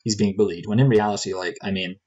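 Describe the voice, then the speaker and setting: A man with a low, husky voice talks through a film in a relaxed podcast chat. He wanders off on tangents, cracks dry jokes and restarts his sentences often. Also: quick pace, dull audio. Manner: rambling, joking, many fillers and restarts. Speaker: movie review podcast co-host. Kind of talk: casual conversational review.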